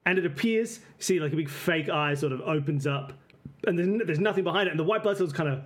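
A man running a tabletop game, giving rambling, halting descriptions of the scene. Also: fairly high pitch. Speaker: game master.

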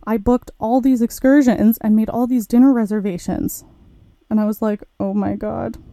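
A young woman who hosts a podcast tells a personal story, candid and chatty, animatedly acting out her own thoughts as quoted asides. Her voice is medium-pitched, and the recording is dry.

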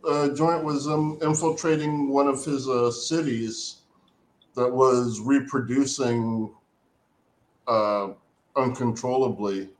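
A man's voice: medium pitch, fairly even intonation, takes it slowly, a little hiss or hum. A man co-hosting a casual comic book chat, patiently explaining the story with fillers. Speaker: co-host. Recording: roomy echo.

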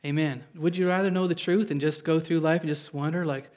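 A man's voice: fairly high pitch, steady tone, fairly quick, darkish tone. A man pastor preaching a sermon at a church service. He reads scripture aloud, explains it in plain words, and calls on the congregation for an amen.

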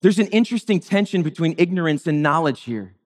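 Male pastor, sermon, high voice, conversational and wry, playful character voices. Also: expressive, fast.

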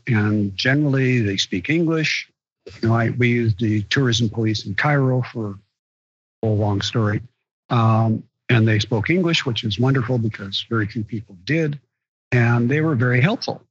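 A man co-hosting a travel podcast, chatting casually in an even, storytelling way. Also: mid-range voice, slightly rough, no echo, lo-fi sound. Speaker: podcast co-host. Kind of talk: casual panel chat.

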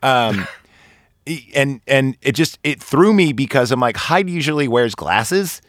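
A man chatting casually on a podcast, rambling through a film recap with crude jokes and plenty of fillers. His voice sits in a middle pitch, recorded dry and close with no room sound. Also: lively intonation, unhurried, no echo. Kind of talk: casual chat.

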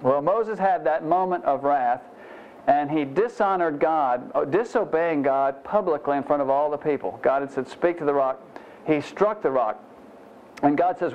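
A man's voice: on the high side, normal speed. Folksy man teaching a sermon, muffled. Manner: folksy, self-deprecating, frequent "you know" asides. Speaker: pastor. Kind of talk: conversational Bible teaching sermon.

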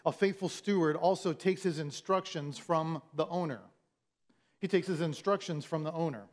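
A pastor with a slightly high voice delivers a sermon at a moderate pace, talking conversationally as though telling a story. He often restarts his sentences and acts out what other people said.

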